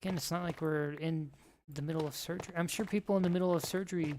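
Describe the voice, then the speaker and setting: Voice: mid-range voice, fast. A streamer chatting casually while playing a game, telling rambling, joking stories. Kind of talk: casual chat while gaming. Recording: steady background noise.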